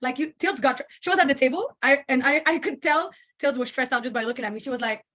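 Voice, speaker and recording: Rapid, high-pitched woman on a video call. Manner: animated, acts out quoted voices. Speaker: network marketing team leader. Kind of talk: motivational team call.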